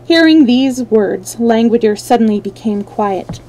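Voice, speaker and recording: A woman reads a children's storybook aloud in a gentle, mellow voice, pitched a little high. Now and then she stumbles on a word and corrects herself. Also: normal speed, slight background noise, poor audio. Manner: gentle, with small slips and self-corrections. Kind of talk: storybook reading on a live stream.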